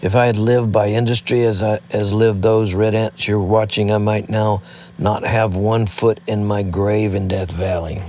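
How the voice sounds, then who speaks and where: A man's voice: on the low side, little pitch movement, normal speed, warm tone, a little hiss or hum, close to an everyday voice. A man reading aloud, voicing a bitter, sarcastic rich man near death.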